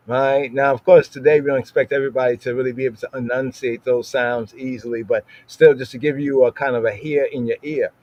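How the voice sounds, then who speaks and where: A man teaching scripture in a casual podcast talk, repeating words slowly to show how they sound and checking in with his listeners. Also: mid-range voice, a little mellow, highs cut off.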